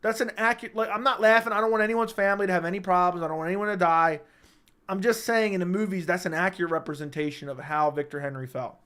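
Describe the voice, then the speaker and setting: A man hosting a casual livestream chat, talking in an animated, emphatic way, repeating himself and swearing freely. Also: high-pitched, fast, clean tone. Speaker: livestream host. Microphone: studio microphone.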